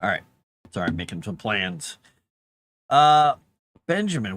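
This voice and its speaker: A man streaming from his desk while he writes, chatting casually and trailing off into thought. His pitch moves around a lot, lifting and dropping from phrase to phrase. Now and then he turns to soothe and coax his dog. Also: big pitch swings, moderate pace, pauses often. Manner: talks softly to his dog between musings. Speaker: author streaming live writing. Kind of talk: casual live-stream chat.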